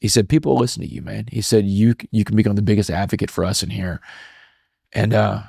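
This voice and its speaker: Storytelling man, lowish voice. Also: fast talker, vocal fry, breathy edge, no echo, clean studio sound. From Texas. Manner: casual, animated storytelling with many "man" fillers. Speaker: guest, motivational speaker. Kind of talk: storytelling in a podcast interview.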